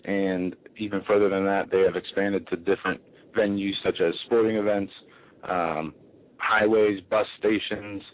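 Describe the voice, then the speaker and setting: A man's voice: sits low, flat delivery, moderate pace. A man co-hosting a talk radio show, speaking assertively in declarative statements and running through lists. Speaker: radio co-host. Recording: tinny phone-line sound.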